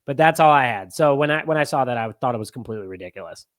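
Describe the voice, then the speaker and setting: A man's voice: mid-range voice, animated, racing. A man appearing as a guest on a sports podcast in casual chat, giving blunt, exasperated opinions.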